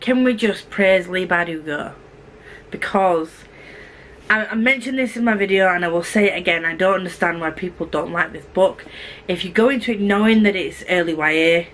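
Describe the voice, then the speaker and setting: Fast-talking woman gushing over books. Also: mid-range voice, fairly bright tone, slight background noise, low-quality recording. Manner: chatty, with many restarts and asides. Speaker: book vlogger. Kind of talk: casual book review vlog.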